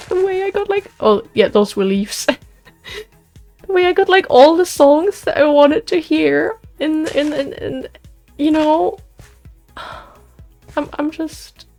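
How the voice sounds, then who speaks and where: A young woman hosting a gameplay video, chatting in a rambling, emotional way and sounding worn out after a concert. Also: sits high. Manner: rambling, excitable, emotional, with restarts and sighs. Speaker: let's play host. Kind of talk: casual chat while gaming.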